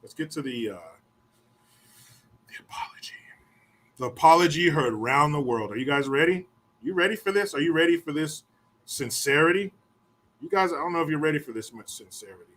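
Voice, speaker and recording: A man's voice: fairly high pitch, animated, fairly bright tone. A man hosting a podcast, telling a rambling story in a casual, profane way and swearing freely. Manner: rambling, swears often, puts on quick mocking voices. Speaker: podcast host.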